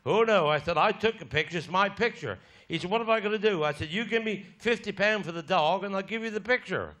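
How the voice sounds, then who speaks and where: This fast-talking, high-pitched comedian from Cornwall, England, performs bawdy country yarns live in a theatre, cutting down hecklers as he goes. The recording captures noisy, loudly laughing crowds.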